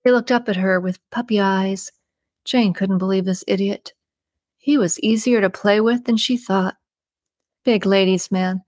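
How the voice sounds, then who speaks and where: A woman's voice: mid-range voice, no echo. Woman narrating a story, close and dry. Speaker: audiobook narrator. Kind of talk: scripted narration.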